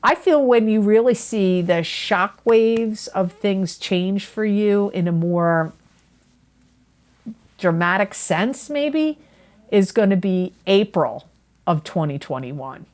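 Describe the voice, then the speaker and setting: A woman's voice: mid-range voice, lively intonation, slow pace, darkish tone. A woman reading tarot for viewers in a chatty, earnest way, often repeating herself and correcting her own words. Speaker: tarot reader. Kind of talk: monthly astrology forecast to camera.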